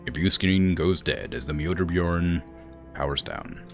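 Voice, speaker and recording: Man reading as a warship AI, formal, measured, deep, faint music under it. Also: lively intonation, vocal fry, full character voice. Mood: polite. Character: calm sentient AI in a warship's memory core.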